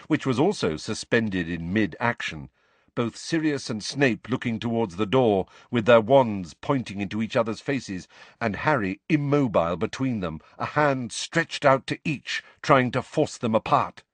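A man's voice: fairly low pitch, no echo. A man narrating an audiobook expressively, voicing each character himself.

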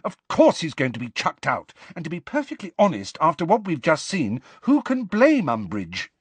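A man reading aloud and voicing an earnest, quick-tempered teenage girl in a higher, emphatic voice. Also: huge pitch swings, breathy edge, no room sound, exaggerated voice. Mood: upset, exasperated. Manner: emphatic, pleading, higher pitched. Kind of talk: audiobook character voice.

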